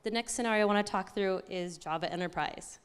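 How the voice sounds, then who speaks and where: A woman giving an excited, chatty conference talk, often correcting herself as she goes. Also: mid-range voice, fast talker, clear, resonant tone. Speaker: conference speaker.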